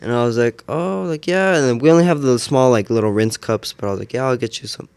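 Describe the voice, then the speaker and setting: A man's voice: mid-range voice, fast, creaky, a little mellow, clear, resonant tone. A man who works at a piercing shop, casually recalling a rude customer in an offhand, wry way. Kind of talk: casual storytelling chat.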